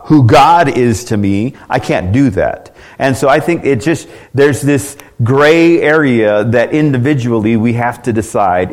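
A man's voice: medium pitch, darkish tone. Earnest man pastor questioning his class. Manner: repeats words and restarts often. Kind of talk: conversational church class teaching.

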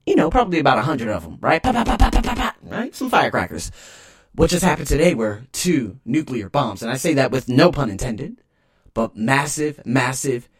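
A man rants on his own podcast, rambling and emphatic. His voice is husky with a gravelly edge, and his pitch leaps and drops all over the place. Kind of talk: solo podcast rant.

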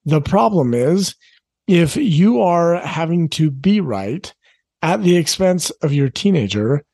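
A man's voice: a little high, warm tone, dry recording. A middle-aged man coaching parents in an earnest, conversational talk, repeating his key phrases. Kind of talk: direct-to-camera advice talk.

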